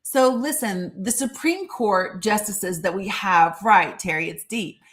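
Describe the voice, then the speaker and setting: A woman's voice: medium pitch, a little slow, fairly bright tone. A woman hosting a casual live stream, commenting on the news with passion and reading legal text aloud between fillers and asides. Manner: impassioned and outspoken.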